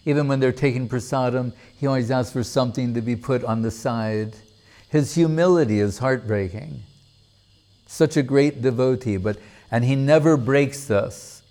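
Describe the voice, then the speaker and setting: A man telling a devotional story as a sermon, in an unhurried, deliberate manner. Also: mid-range voice, dark tone. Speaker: religious storyteller.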